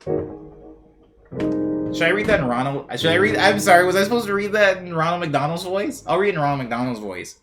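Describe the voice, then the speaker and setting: Young guy streamer, chatty and jokey, voice bouncing all over in pitch, rambles a lot. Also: lively intonation, a little fast, fairly bright tone, soft background music. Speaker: streamer reading chat. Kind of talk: casual chat.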